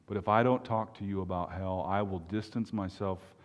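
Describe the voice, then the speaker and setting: Preacher, male, low voice, emphatic and earnest, reverberant hall sound. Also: fairly even intonation. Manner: earnest, emphatic, with long pauses. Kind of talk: sermon.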